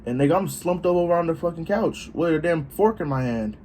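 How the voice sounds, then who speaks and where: A young man tells a story to the camera in a casual, profane style and acts out what each person said. His pitch sits a little high and jumps around a lot. A faint room ambience sits behind him. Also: brisk, slight background noise. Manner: animated, profane, acts out dialogue. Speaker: vlogger.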